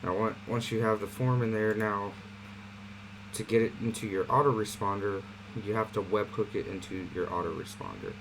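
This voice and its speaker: Man, lowish voice, relaxed tutorial host, faint air-conditioner hum in the room. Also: moderate pace. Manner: relaxed, conversational walkthrough with fillers. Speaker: online marketing platform host. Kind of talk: casual screen-share tutorial.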